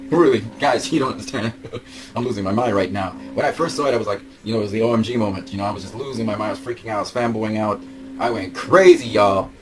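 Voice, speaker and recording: Amid crowd noise on a rough recording, a young man talks very fast about collectible figures in his vlog, his lowish voice holding a steady tone. He gushes, laughs, shouts, and keeps repeating himself.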